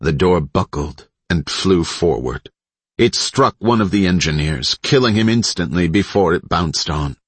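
A man reading an audiobook in a steady, dramatic narrating style on a close mic. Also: deep voice, unhurried, breathy edge, dry recording. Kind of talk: scripted narration.

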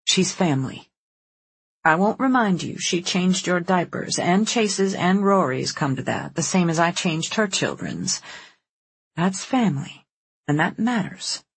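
An audiobook reader voicing a placid, caring mother, calm and gently firm. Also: mid-range voice, unhurried, slightly rough, full character voice. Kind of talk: audiobook character voice.

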